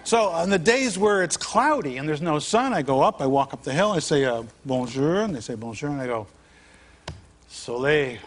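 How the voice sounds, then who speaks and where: A man's voice: fairly high pitch, animated, brisk, hardly any pauses. A man, a comedian guest on a late-night talk show, telling funny anecdotes in a wisecracking way, slipping into mock voices. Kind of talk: comic storytelling. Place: TV studio with live audience. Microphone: television studio mic. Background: studio audience.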